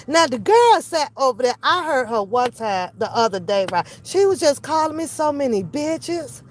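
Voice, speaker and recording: High-voiced lady ranting on her channel, cussing a lot, does voices of people. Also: normal speed, few pauses. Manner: animated, profane, mimics others. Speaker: commentary channel host. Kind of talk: casual reaction commentary.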